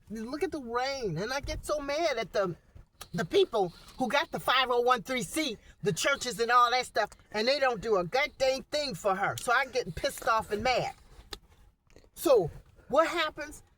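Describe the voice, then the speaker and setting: A woman's voice: on the high side, a bit bright, slight background noise. A woman venting in a rambling, heated vlog monologue from inside a small parked truck, recorded on a phone. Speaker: vlogger.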